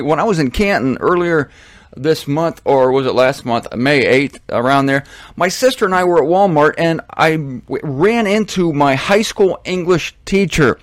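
Man, middle-aged, casual monologue host, rambling asides, fairly high voice, dry recording. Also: dry recording. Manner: rambling, self-correcting, animated asides.

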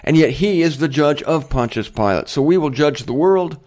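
A man's voice: on the high side, animated, moderate pace, a little mellow. Chatty man teaching the Bible. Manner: chatty and digressive, with self-deprecating humor. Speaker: host of a Bible teaching show. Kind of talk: casual Bible teaching monologue.

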